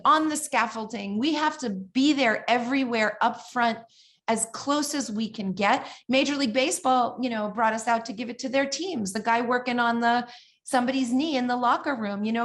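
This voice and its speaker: A woman giving a keynote talk at a conference, telling stories in an animated way and often asking "right?" and "you know". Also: fairly high pitch. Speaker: keynote speaker.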